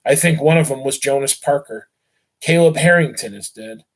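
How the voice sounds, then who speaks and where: A man's voice: medium pitch, moderate pace. A male teacher on a live stream who recaps a novel for his students with casual fillers, then reads the story aloud steadily and with feeling.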